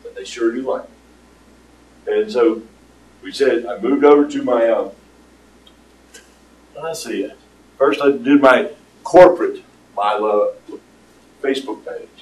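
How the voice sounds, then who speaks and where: An older man giving a casual, rambling pitch to an audience, with lots of fillers. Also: unhurried, pauses often, a little mellow, slight background noise. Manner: rambling storyteller with many fillers. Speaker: startup presenter. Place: meeting room with audience. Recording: roomy, distant room recording.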